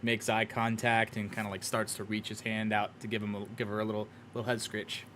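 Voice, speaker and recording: A man narrating a tabletop game as game master in a relaxed way, with many fillers and restarts. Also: fairly low pitch, fairly quick, slight background noise.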